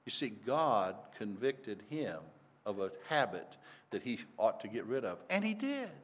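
A man's voice: fairly low pitch, sing-song, measured pace, slight background noise. Older man preaching a plain, earnest sermon. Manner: earnest, conversational preaching with frequent restarts. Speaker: pastor.

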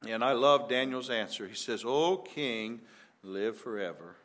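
A man's voice: medium pitch, lively intonation, takes it slowly, a bit bright. An older man preaching a sermon in a folksy way, often repeating words and rising for emphasis.

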